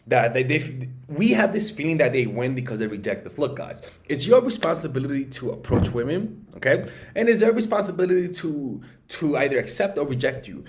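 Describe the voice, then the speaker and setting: Blunt, profane male dating coach. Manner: blunt and profane, often calling for agreement; emphatic, gets louder and higher when making a point. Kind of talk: casual coaching monologue.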